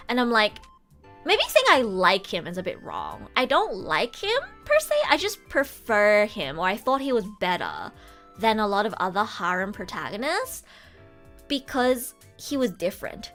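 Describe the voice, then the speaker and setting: A streamer and voice actor chats casually on her livestream over soft background music, her medium-pitched, slightly bright voice swooping wildly at a moderate pace. The young woman is frank and giggly, frequently tripping over and restarting her sentences.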